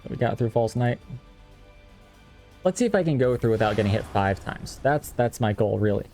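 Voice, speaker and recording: Here a young Texas streamer talks at normal speed with lively intonation, his medium-pitched voice a little mellow. He jokes at his own expense while chatting with viewers during gameplay, and faint game music plays underneath.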